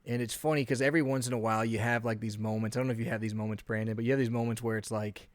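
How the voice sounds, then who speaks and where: A man in his thirties, a podcast co-host telling an animated story in a casual chat, often acting out what he said. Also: medium pitch, very fast, dry recording.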